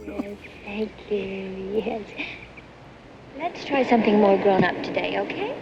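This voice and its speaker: An actress playing a calm woman soothing an adult in a film, speaking slowly and gently. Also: medium pitch, gravelly. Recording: dull film audio with loud noise.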